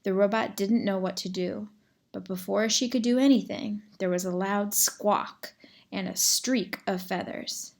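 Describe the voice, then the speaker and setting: A woman's voice: mid-range voice, fairly even intonation, unhurried. Woman reading a children's novel aloud. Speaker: narrator.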